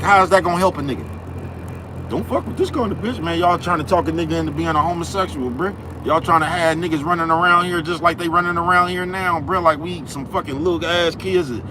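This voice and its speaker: A man's voice: fairly high pitch, background noise. Profane man ranting on a livestream. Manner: profane, repetitive, keeps asking "you know what I'm talking about". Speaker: livestream host. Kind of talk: ranting live-stream monologue. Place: outdoors in the cold, near traffic.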